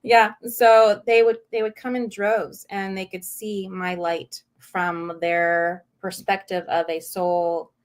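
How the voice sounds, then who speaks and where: Animated woman telling a spiritual story. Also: mid-range voice, slow, few pauses. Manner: animated, acts out quoted voices, laughs often; self-described saucy. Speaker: guest. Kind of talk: storytelling in a podcast interview.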